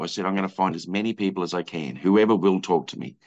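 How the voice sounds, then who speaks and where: A man's voice: sits low, fast. Man, interview guest, rambling with fillers, acts out quotes, muffled audio. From Australia. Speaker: filmmaker guest. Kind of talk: casual interview chat.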